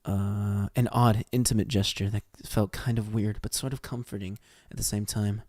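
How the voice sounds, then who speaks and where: A man's voice: on the low side, level tone, normal speed, hardly any pauses, a little mellow, no echo. American man reading fan fiction, dry sound. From United States. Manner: swears freely, stumbles and restarts while reading. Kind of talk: reading a story aloud with casual commentary.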